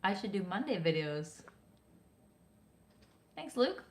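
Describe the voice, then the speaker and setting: A pregnant woman making soft, quiet, giggly asides beside the host. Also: medium pitch, very animated, takes it slowly. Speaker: co-host partner.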